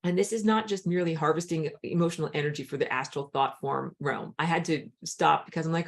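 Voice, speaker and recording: A woman with a dry throat teaching an online spiritual class, talking in an animated way and jumping high when she acts out a crying child. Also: fast talker, gravelly, few pauses. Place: outdoors on a hot day.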